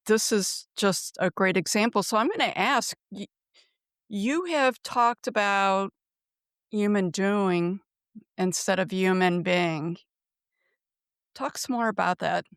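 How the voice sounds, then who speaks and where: A woman hosting an interview, affirming her guest and asking measured follow-up questions. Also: mid-range voice, clear, resonant tone, no echo, clean studio sound. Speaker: podcast host. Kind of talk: interview conversation.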